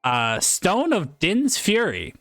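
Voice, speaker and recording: Lively man running a tabletop game. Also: high-pitched, takes it slowly, no room sound, studio quality, soft background music. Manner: rambling descriptions with fillers. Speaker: game master.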